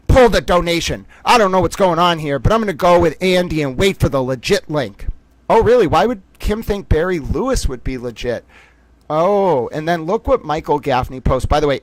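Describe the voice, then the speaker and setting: A man's voice: fairly high pitch, no echo. A man hosting a live-streamed commentary, reading posts aloud in a heated, indignant way. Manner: heated, indignant, swings from shouting to quiet. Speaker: livestream host.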